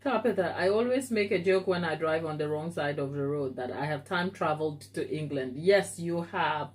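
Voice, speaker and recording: A woman's voice: sits low, moderate pace. A woman from Africa hosting a live baking stream from her kitchen, chatting playfully with viewers and teasing them by name. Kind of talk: casual live-stream chat reading viewer comments. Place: home kitchen.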